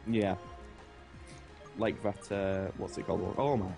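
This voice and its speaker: Chill guy hanging out on a game stream, talks real slow and low, laughs at everything. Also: steady tone, creaky, dark tone, soft background music. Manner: laid-back, laughs often. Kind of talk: casual game-stream chat.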